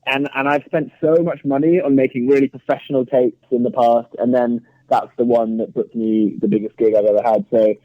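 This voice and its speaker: Over-articulating English actor. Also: male voice, medium pitch, fairly even intonation, fairly quick, few pauses, no room sound, highs cut off. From England. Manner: over-articulates, chatty with frequent laughs. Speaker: guest actor. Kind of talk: casual interview chat.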